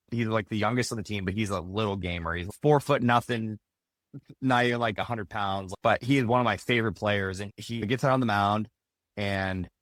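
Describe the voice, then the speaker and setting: A man with a lowish voice talks through an interview in a loose, chatty way. He keeps dropping in "like" and "right?" as he thinks aloud. The recording is close and dry, with no room sound. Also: fairly bright tone, no room sound. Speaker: podcast guest, youth baseball coach. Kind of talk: casual conversational interview.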